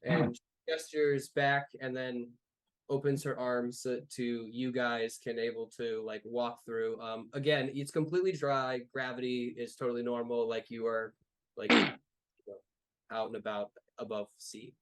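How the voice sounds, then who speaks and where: A man's voice: medium pitch, little pitch movement, a little slow, clear, resonant tone. Guy running a tabletop game, loose rambly descriptions, lots of ums. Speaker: game master.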